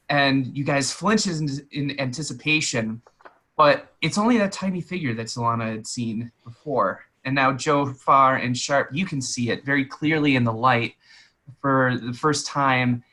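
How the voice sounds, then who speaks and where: A man's voice: a little high, sharp tone. A man narrating a tabletop game as game master, describing scenes in detail.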